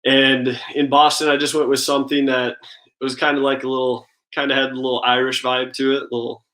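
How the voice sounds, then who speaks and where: A man in his thirties talks easily as a guest, spinning relaxed stories with lots of "like" and "I mean". His voice sits in a middling pitch and stays fairly level, rarely rising or falling much. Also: a little fast, poor audio. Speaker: guest, professional baseball pitcher. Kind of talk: casual interview chat.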